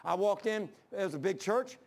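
High-voiced preacher, impassioned. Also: male voice, animated, moderate pace, darkish tone. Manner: impassioned, folksy storytelling with restarts. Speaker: pastor. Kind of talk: sermon.

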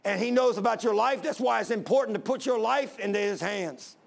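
A man's voice: high voice, brisk, vocal fry. A man preaching a sermon and telling a personal story, fervent and rising to emphatic pleas.

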